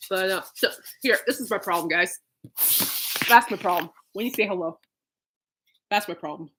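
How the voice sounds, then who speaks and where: A woman's voice: mid-range voice, normal speed, background noise. A woman hosting a podcast in casual, rambling chat, laughing often. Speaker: podcast host.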